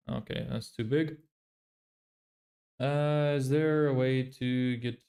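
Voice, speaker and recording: A man's voice: medium pitch, darkish tone. Blunt man critiquing websites. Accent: neutral, often heard as American. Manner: blunt, muttering critiques while reviewing websites. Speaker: business vlogger. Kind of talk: casual livestream commentary.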